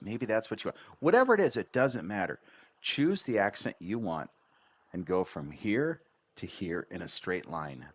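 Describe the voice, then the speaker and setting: A man teaching an English lesson on a livestream, chatty and encouraging, drawing out words slowly syllable by syllable. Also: sits low. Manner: slow drawn-out syllable drills. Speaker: English tutor.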